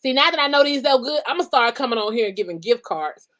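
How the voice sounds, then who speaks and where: A woman's voice: on the high side, expressive, quick pace, fairly bright tone, low-quality recording. A woman chatting casually as a guest, playful and laughing often. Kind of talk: casual chat.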